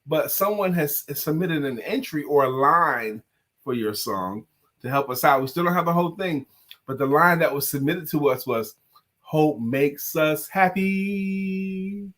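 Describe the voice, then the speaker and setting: A man's voice: fairly high pitch, lively intonation, moderate pace, a bit bright. A man co-hosting a casual talk show, playful and teasing, who laughs often and sings bits of songs. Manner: sings lines of a song. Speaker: co-host. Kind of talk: casual chat.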